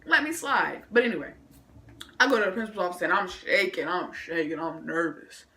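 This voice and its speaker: A woman vlogger telling a story from school in an animated, slangy way, adding her own sound effects. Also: fairly low pitch, brisk. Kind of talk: casual storytime vlog.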